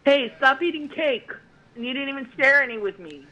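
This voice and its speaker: A woman's voice: high voice, animated, normal speed, sharp tone, poor audio. A woman calling into a talk show, chatting casually and teasing the hosts. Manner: teasing, playful. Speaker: caller. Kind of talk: casual chat on a phone call.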